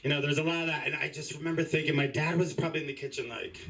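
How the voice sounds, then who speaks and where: A man rambles through an open mic stand-up set in a small comedy club, his voice sitting a little high. He strings stories together with fillers and short put-on voices for the people in them. The mic catches him from a bit of a distance. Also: flat delivery, racing, fairly bright tone, slight background noise. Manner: chatty, rambling, full of fillers and voiced asides.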